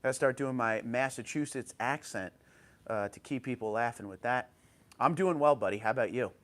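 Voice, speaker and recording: A New Jersey man with a mid-range, fairly bright voice hosts a casual livestream from home on an old tablet. At normal speed, he greets viewers by name and reads their comments aloud.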